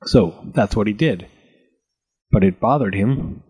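A man reading a storybook aloud with an expressive, lilting delivery. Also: lowish voice, measured pace, breathy edge.

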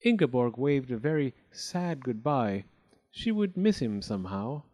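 Man reading a storybook aloud, animated. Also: mid-range voice, unhurried. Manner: expressive, with many character voices. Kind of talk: storybook read-aloud narration.

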